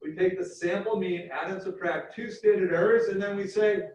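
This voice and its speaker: A man lecturing a university class, explaining step by step and repeating key points slowly. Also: high voice, fairly even intonation, a little mellow. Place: lecture hall. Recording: echoey hall from far off, dull.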